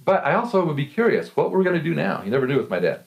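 A middle-aged man preaching a sermon, telling stories with frequent laughter and lively swings in his voice. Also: a little high, very fast, vocal fry, lo-fi sound. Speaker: pastor.

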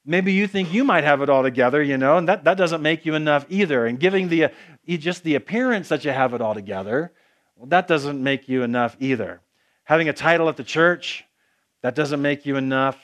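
A man's voice: a little high, fairly quick, fairly bright tone. A man preaching a conversational sermon, with frequent restarts and casual asides to the congregation.

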